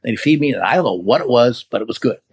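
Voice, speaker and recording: A man in his seventies from California, a guest in an interview, telling stories in a casual, animated way and acting out the voices of people he met. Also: mid-range voice, fast, breathy edge. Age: 70s. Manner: animated storyteller who acts out quoted voices. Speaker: guest, veteran hang glider pilot.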